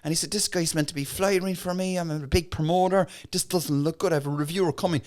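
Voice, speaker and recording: A man's voice: on the high side, fast. An Irish man, a comedian guest on a podcast, telling stories in casual chat and acting out the other people in them. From Ireland. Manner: animated storyteller, acts out voices in bursts.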